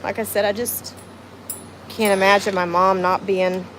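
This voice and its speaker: A woman's voice: medium pitch, flat delivery, a little slow, fairly bright tone, slight background noise, rough recording. A middle-aged woman with a Southern US accent, hosting a casual livestream chat outdoors at home, rambling and emotional as she greets viewers by name. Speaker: livestream host.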